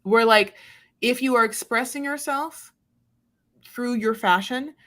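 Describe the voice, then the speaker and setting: A woman co-host with a bright, forceful voice chats casually about a reality show. She rambles through many fillers and now and then slips into silly put-on voices. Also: on the high side, a little slow. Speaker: podcast co-host. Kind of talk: casual recap chat.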